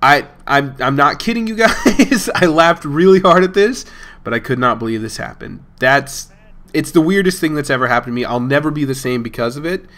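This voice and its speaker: A man's voice: fairly high pitch, brisk, fairly bright tone. A young man hosting a gaming channel, telling a rambling, amused story in a casual tone and chuckling between lines. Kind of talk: casual storytelling over gameplay.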